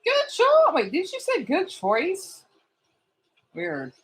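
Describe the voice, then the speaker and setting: A man chatting casually on his live stream in a rambling, animated way, answering his chat and bluntly scolding trolls. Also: very high-pitched, slow.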